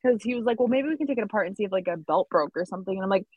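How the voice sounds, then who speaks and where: A woman's voice: mid-range voice, expressive, racing, breathy edge, dry recording, phone-quality sound. A woman co-hosting a podcast, telling a story in casual chat with lots of fillers. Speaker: podcast co-host.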